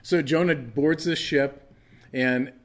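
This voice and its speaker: Man, pastor, middle-aged, conversational sermon, mid-pitched voice, repeats words as he goes. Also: steady tone, slow. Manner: conversational preaching with frequent restarts.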